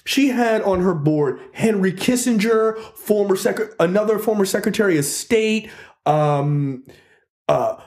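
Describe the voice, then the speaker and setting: A man with a slightly high voice hosts a podcast in loose, casual chat. He tells his story in an animated way, swears freely and keeps asking "right?" The recording sounds roomy and echoey. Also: unhurried. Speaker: podcast host. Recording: roomy echo.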